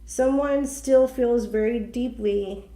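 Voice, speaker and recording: A woman thinks aloud through a tarot reading, chatty and openly emotional. Her voice is mellow and unhurried, with a middling pitch. The room sounds echoey, with a faint hiss underneath. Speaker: tarot reader. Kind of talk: intuitive tarot reading for viewers.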